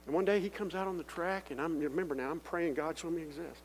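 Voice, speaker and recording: A middle-aged man giving a personal testimony in sermon style, telling his story earnestly and building up to loud calls to the congregation. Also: on the high side, fast. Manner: earnest storytelling that swells into loud appeals to the crowd. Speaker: testimony speaker. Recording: echoey hall with faint hum.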